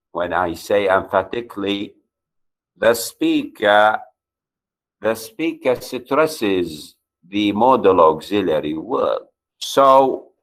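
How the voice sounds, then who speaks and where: A man's voice: mid-range voice, fairly bright tone, poor audio. A man with an Arabic accent, a native Arabic speaker, giving a university grammar lecture and stressing key words as he explains.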